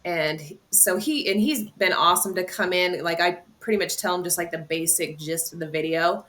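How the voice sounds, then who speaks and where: A woman from a hard rock band, a guest on a radio interview, talking in a relaxed, halting way. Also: on the low side. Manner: relaxed, halting, full of fillers. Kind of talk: casual interview chat.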